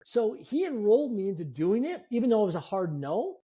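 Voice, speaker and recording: A man in his fifties, a guest telling animated, self-deprecating stories in a conversation. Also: high voice, fairly quick, husky. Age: 50s. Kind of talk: storytelling in a conversation.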